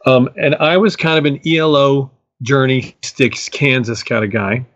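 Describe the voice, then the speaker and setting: A man's voice: medium pitch, steady tone, normal speed, fairly bright tone, muffled recording. A middle-aged man, a musician guest, telling stories enthusiastically in a rambling way full of fillers. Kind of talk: casual storytelling interview.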